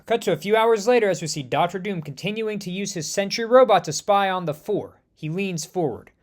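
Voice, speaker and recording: A man narrating a superhero fan story in an animated storytelling manner. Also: sits high, brisk.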